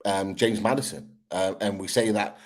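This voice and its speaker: A man on a football fan podcast, laying out his points one by one in a measured, casual way with fillers. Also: sits low.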